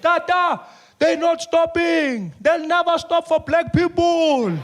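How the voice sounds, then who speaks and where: A man's voice: very high-pitched, slow, a little hiss or hum, voice pushed up. A man voicing a panicky young male driver, pleading with an old man. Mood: panicked. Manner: pleading, repeats "Tata".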